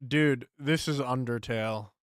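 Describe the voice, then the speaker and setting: A man's voice: medium pitch, measured pace, no room sound, studio quality. A young man streaming live, chatting casually with his chat, frustrated, swearing and repeating himself.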